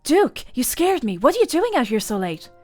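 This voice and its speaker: A woman's voice: sits high, sing-song, normal speed, darkish tone, pitched above the performer's own voice. A woman voicing a jumpy, startled young woman in a story game, over faint music.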